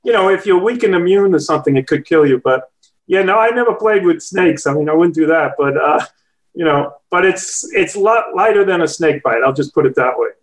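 A man with a high voice phones in to chat with a host. He tells his story loosely and keeps correcting himself partway through his sentences. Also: animated, brisk, low-quality recording. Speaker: caller.

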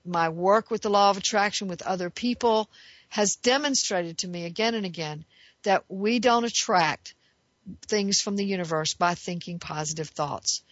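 In a dry, muffled recording without room sound, a woman with a medium pitch and fairly bright tone gives a reflective self-help monologue. She's earnest and emphatic, asking rhetorical questions and then answering them.

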